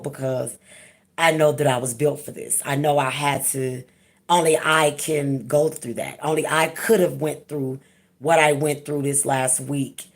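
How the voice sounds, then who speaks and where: Low gravelly-voiced woman, candid vlog talk. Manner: frank and emphatic, casual with profanity. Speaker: channel host.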